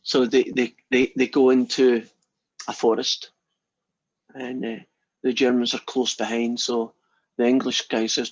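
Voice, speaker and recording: Husky-voiced man telling a joke in class. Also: medium pitch, a little slow, pauses often, no room sound, lo-fi sound. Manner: chatty storyteller, jokes with class. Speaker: math instructor. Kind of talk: lecture with a told joke.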